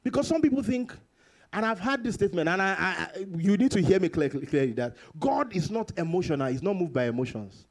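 A man preaching a sermon to his congregation, repeating phrases for emphasis and jumping into sudden high bursts and chuckles. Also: lively intonation, brisk. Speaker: pastor.

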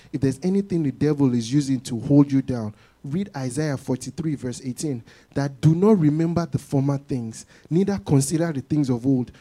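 A man preaching a sermon to a congregation in an animated way, often acting out what people say. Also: medium pitch.

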